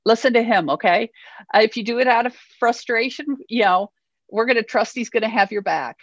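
Speaking a little high and a little fast, this woman reads scripture during an earnest, encouraging sermon and keeps asking listeners "okay?" The recording is dry and slightly muffled, without room sound.

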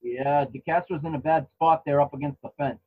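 A man co-hosting a podcast, giving relaxed play-by-play of a fight with restarts and chuckles. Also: on the high side, a little fast, phone-quality sound. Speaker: podcast co-host commentating a fight. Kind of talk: casual live fight commentary. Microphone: home microphone.

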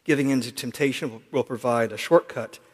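A man preaching a sermon in a reflective, earnest way, dropping to quiet asides at times. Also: medium pitch, brisk, husky. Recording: long hall reverb.

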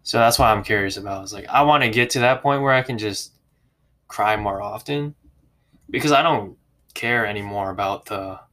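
A man's voice: on the low side, moderate pace, a bit bright. A man in casual conversation, thoughtful and questioning, with many filler words. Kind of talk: casual chat.

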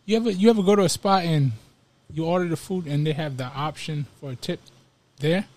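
A man's voice: a little high, brisk, darkish tone, dry recording. A man in casual chat with friends, talking bluntly with lots of slang and swearing.

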